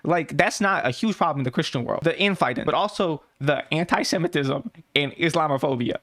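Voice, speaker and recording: Sarcastic, swearing woman with a lively voice. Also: sits low. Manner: blunt, sarcastic, swears a lot; frequent "like" fillers and quick laughs. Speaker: reaction YouTuber. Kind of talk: casual reaction commentary.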